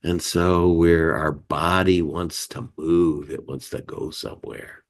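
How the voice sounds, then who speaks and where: A very deep male voice with vocal fry takes its time. The speaker, a meeting host and life skills teacher, runs a community meeting about feelings, chatting conversationally with plenty of "you know" and "right" and animatedly acting out emotion words with gasps and sighs.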